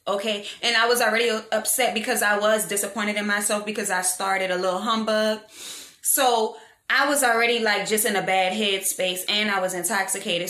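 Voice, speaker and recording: A young woman telling a storytime vlog in a frank, animated, slangy way, poking fun at herself. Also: medium pitch. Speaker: vlogger. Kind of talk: casual storytime monologue. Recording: echoey room.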